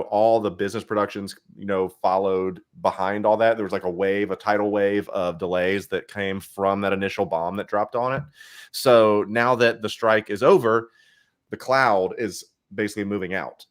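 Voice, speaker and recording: A man talking casually as a podcast guest in a relaxed, explanatory way. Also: fairly low pitch. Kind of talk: casual chat.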